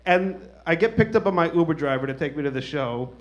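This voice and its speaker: A man's voice: on the high side, lively intonation, a little fast, lo-fi sound. A man in his thirties doing a stand-up comedy set, telling stories in a casual, profane, wry way. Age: 30s.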